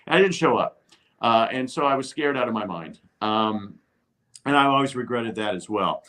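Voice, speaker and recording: An older man, a TV host appearing as a guest, telling a lively anecdote and acting out the people he quotes. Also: medium pitch, moderate pace. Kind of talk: storytelling anecdote.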